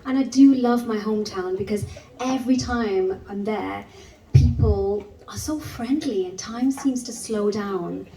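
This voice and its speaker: A woman from Wolverhampton, England, performing spoken word poetry and chatting with a live audience. She gives the poems a slow, rhythmic delivery and talks chattily between poems. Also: mid-range voice, warm tone, slight background noise. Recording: echoey room, mic picked up from some distance. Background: faint live music.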